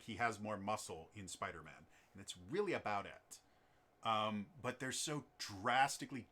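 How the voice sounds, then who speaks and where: A man's voice: lowish voice, bright, forceful tone. A man in casual conversation who rambles, with many fillers and restarts. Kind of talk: casual chat.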